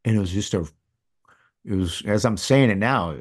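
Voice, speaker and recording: Middle-aged guy on a podcast, lowish voice, rambly candid storytelling, goes quiet then loud again. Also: normal speed. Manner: candid, rambling, swings between loud and hushed. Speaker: podcast guest. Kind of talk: casual storytelling.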